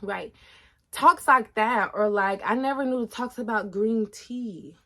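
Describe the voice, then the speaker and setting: A woman in her twenties talking casually and animatedly to the camera, speaking straight to her viewers and dropping her voice low for asides. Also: measured pace. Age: 20s. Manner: chatty, animated, addresses viewers directly as y'all. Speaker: vlogger.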